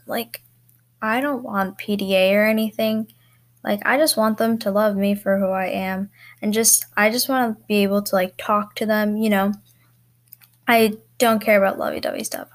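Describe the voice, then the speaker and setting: A young woman hosting a podcast on her own, talking casually and rambling with lots of likes and ums, often teasing herself. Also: mid-range voice. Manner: self-mocking. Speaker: podcast host. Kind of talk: casual solo chat.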